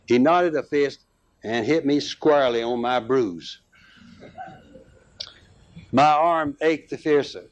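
A man reading a rural tale aloud as narrator, unhurried, with small restarts and fillers. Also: medium pitch.

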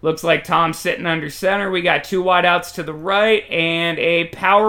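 A man calling plays from a football video game in an excitable sportscaster style. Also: on the high side, normal speed, few pauses. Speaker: video game player commentating. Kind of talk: play-by-play commentary.

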